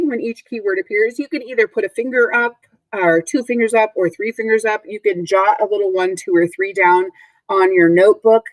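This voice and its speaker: A woman teacher giving a recorded vocabulary lesson to young children, speaking patiently and clearly and repeating each word for the class to echo. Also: fairly low pitch. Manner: patient, clear, models words for repetition. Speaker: third grade teacher.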